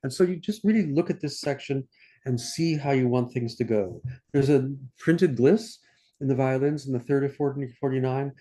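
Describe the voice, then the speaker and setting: An older conductor teaching an online masterclass, talking through a score and singing the passages in scat syllables. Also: male voice, mid-range voice, expressive, moderate pace, dark tone. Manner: sings passages in scat syllables between instructions. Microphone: computer mic on a video call.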